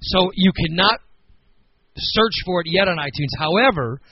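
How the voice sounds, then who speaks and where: Husky midwestern guy hosting a radio chat, kinda high voice, rambly and opinionated, dull lo-fi audio. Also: lively intonation, normal speed. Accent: Midwestern American. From Chicago, United States. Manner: rambling, opinionated, talks through thoughts aloud. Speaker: radio show host.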